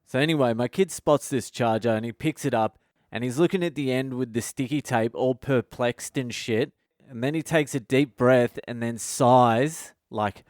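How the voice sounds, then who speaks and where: A male comedian hosting his podcast, telling a funny story in a casual, animated way and swearing constantly. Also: mid-range voice, moderate pace, no room sound, clean studio sound. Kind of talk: casual comic storytelling monologue.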